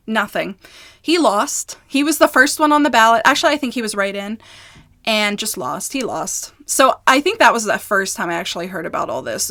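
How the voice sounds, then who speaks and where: A young woman on a casual vlog, telling a long story in a rambling, exasperated, animated way. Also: medium pitch. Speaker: YouTuber.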